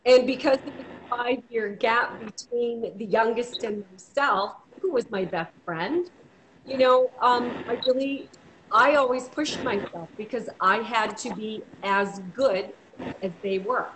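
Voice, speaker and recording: A woman's voice: fairly high pitch, unhurried, a little hiss or hum, rough recording. A woman from Maine, a guest on a live video call interview, chatty and greeting viewers by name. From Maine, USA.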